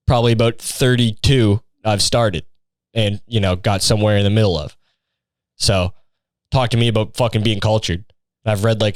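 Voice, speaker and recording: A young man hosts a comedic podcast, ranting in a rambling, profane and sarcastic way. His voice is smooth and clear. It is recorded dry, with no room sound. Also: medium pitch, no room sound. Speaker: podcast host.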